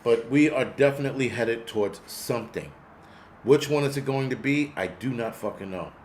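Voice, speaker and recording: A man's voice: medium pitch, moderate pace, darkish tone, slight background noise. A man in his forties hosting a casual livestream, ranting in a rambling, profane way and talking back to his chat. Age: 40s. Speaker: host.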